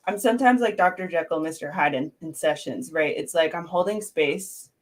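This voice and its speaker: A woman therapist chatting as an interview guest, her voice sitting a little low. She talks freely and laughs often, with plenty of "like" and "you know" between her thoughts. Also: normal speed. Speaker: guest, art therapy counselor. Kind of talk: casual interview chat.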